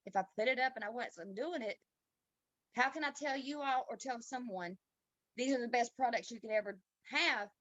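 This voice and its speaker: Woman, tearful, heartfelt and halting, video call, dull lo-fi dry audio. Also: mid-range voice, a bit bright, no room sound. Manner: heartfelt and halting, with pauses and restarts. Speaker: team member sharing a testimony. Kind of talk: emotional personal testimony on a video call.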